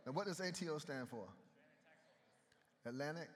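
An American pastor with a slightly high voice preaches at normal speed in a conversational style, bantering with the congregation. He's heard in an echoey hall with a noisy background.

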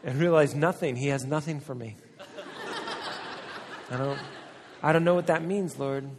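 A pastor with a voice on the high side and a darkish tone preaches at normal speed, keeping his humorous sermon conversational and joking while acting out quoted voices. The church hall gives the recording long reverb, with slight background noise.

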